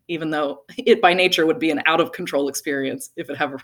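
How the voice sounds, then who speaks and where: A young woman telling a personal story to an audience, animated, laughing often and saying "like" a lot. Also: sits low, quick pace, hardly any pauses. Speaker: speaker.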